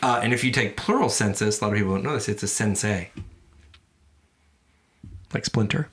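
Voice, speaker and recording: A man's voice: on the low side, moderate pace, noisy background. A man co-hosting a comedy podcast in casual chat, playful and full of puns. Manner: playful, punning, bursts into song. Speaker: podcast co-host.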